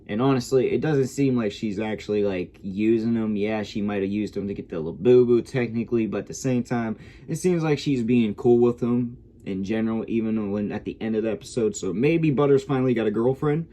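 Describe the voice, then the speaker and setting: A man's voice: on the low side, fairly quick, few pauses, warm tone. A man giving a casual, rambling review of a TV episode, swearing freely as he goes. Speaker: show reviewer.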